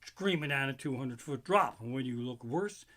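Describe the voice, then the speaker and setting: A middle-aged man doing loose, profane stand-up, rambling and animated as he tells stories. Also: medium pitch, normal speed. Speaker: stand-up comedian. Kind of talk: solo live-streamed stand-up.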